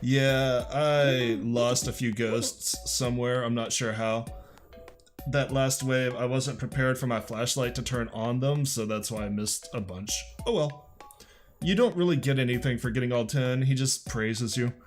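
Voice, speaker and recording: A man's voice: medium pitch, unhurried, faint music behind. A man hosting a let's play, giving wry, joking, laid-back commentary on a game as he plays. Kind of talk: casual gameplay commentary.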